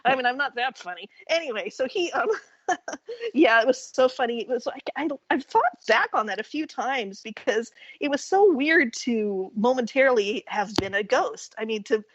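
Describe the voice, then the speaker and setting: A woman guest on a talk radio show, telling a story in a casual, animated way. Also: a little high, normal speed, dry recording. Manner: animated storyteller who acts out quotes and laughs often. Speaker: guest folklorist and author. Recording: dull lo-fi radio-call sound.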